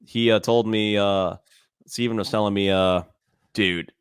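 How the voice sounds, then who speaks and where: Young male co-host, low resonant voice, relaxed and halting, dry studio sound. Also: clean tone, no room sound. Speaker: podcast co-host. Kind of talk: casual chat.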